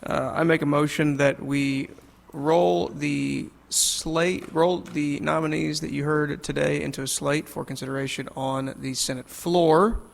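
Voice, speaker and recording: A man chairing a legislative committee hearing, moving briskly through procedure with light chuckles. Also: fairly high pitch, steady tone, vocal fry. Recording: long hall reverb.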